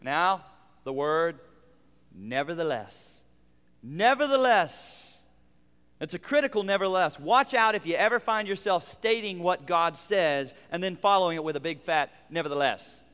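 High-voiced preaching pastor, man. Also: expressive, moderate pace, clean tone, in a large hall. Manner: preaching with rising emphatic repetition and sudden quiet drops. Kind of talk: sermon.

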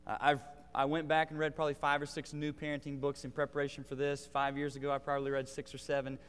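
Male pastor, 30s, earnest and emphatic sermon delivery; resonant, slightly high voice with long hall reverb. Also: completely flat delivery, fast talker, a bit bright, clean tone. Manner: earnest, building to emphatic preaching. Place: church sanctuary.

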